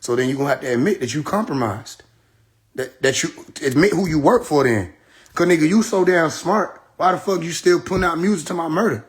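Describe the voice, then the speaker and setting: A man's voice: fairly high pitch, fairly quick. A man hosting a livestream, ranting heatedly and profanely straight at his viewers. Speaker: livestream host. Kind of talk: casual livestream rant.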